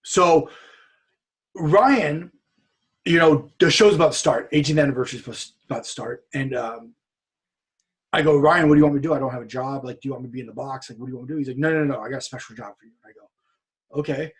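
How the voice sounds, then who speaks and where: Husky man telling an animated story. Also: medium pitch, fast talker. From California. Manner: animated storyteller acting out other people's lines. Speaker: podcast guest. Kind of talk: casual storytelling.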